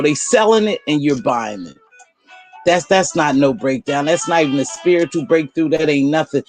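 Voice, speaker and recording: An older woman giving blunt, exasperated live commentary to her viewers. She uses casual slang and repeats words for emphasis. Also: deep voice. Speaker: online commentator.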